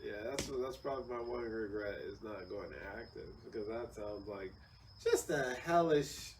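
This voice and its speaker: A man's voice: mid-range voice, normal speed, distant mic, slight background noise, rough recording. A man hosting a casual chat who speaks reflectively, heard slightly off mic. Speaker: podcast host.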